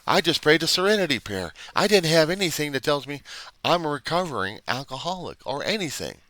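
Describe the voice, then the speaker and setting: A man's voice: a little high, very animated, brisk, pushed and bright, no echo. A man talking unscripted to his camera about recovery, blunt and profane, rambling and questioning himself. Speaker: recovery video diarist. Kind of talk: unscripted confessional monologue.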